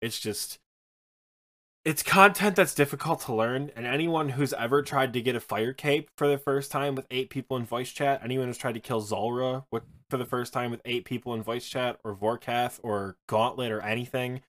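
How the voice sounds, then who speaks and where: Animated storytelling male podcast co-host. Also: mid-range voice, normal speed. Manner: animated storytelling, swearing, laughing. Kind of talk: casual chat about a video game.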